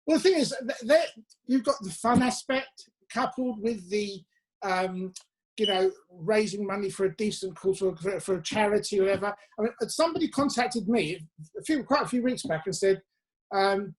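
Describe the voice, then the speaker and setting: A man from England, a musician guest, telling chatty anecdotes with quick asides over a video call from his home. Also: sits high. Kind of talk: casual interview chat.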